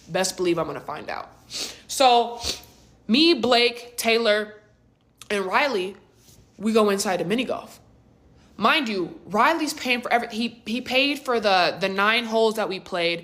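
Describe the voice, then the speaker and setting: A young woman telling a casual storytime in an animated, slangy, conversational way. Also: on the high side, measured pace.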